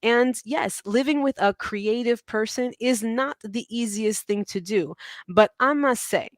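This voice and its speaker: A woman in her forties, a teacher and mother, chatting as an interview guest in an animated, self-deprecating way with frequent laughter. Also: a little high, unhurried, no room sound. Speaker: podcast guest, teacher and mom. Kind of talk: casual interview chat.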